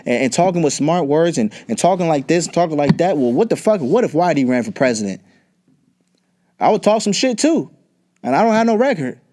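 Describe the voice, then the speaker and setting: A man's voice: a little high, warm tone. A young man hosting a podcast, ranting bluntly and profanely in casual talk. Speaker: podcast host. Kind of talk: casual political rant.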